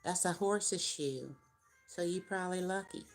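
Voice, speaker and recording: A woman with a very low voice reads tarot for her viewers in a loose, rambling way. She thinks aloud and counts out cards as she goes. Faint music plays underneath. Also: unhurried. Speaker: tarot reader. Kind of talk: casual tarot reading to viewers.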